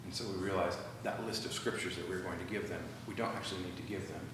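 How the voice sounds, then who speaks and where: A man leading a church workshop, animated and acting out quoted dialogue. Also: deep voice, fast talker. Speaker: workshop speaker. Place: church hall. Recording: echoey hall from far off, noisy.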